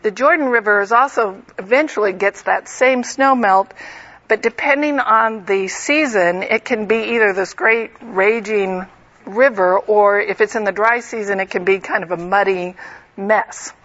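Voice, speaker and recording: A woman's voice: medium pitch, unhurried, fairly bright tone, dull audio. A woman teaching a Bible lesson, reading a passage and then explaining it in a conversational way with humorous asides.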